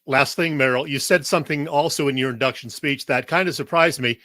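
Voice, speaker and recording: A man's voice: mid-range voice, brisk, sharp tone, no room sound. A male radio show host interviewing his guest, asking direct, attentive questions.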